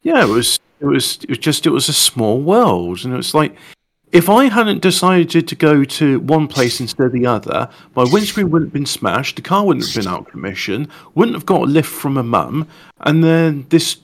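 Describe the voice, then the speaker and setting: A man's voice: a little high, sing-song, normal speed. A man, co-hosting a casual chat show and telling long rambling anecdotes. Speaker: co-host.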